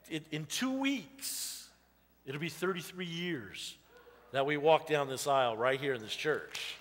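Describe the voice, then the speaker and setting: Pastor, man, fifties, high and bright, folksy storytelling sermon in a reverberant church hall. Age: 50s. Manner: personal storytelling, many "you know" asides. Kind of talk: conversational sermon. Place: church sanctuary.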